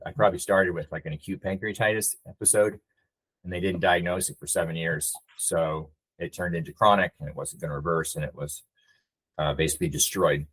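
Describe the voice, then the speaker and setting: A man's voice: low-pitched, low-quality recording. A middle-aged man, a navy veteran and nonprofit leader, telling his story in a casual interview and acting out the lines of people in it. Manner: reflective storyteller who acts out quoted dialogue.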